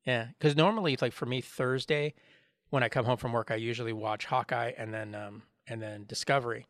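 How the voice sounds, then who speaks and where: A man's voice: mid-range voice, fairly even intonation, a little fast, fairly bright tone, no echo, studio quality. A man co-hosting a podcast in casual chat, rambling and joking, acting out what others said. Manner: rambling, joking, acts out quoted voices. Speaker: podcast co-host.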